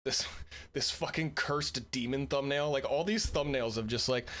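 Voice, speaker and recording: A man streaming, reacting to videos with animated, swearing commentary and frequent laughter. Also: medium pitch, measured pace.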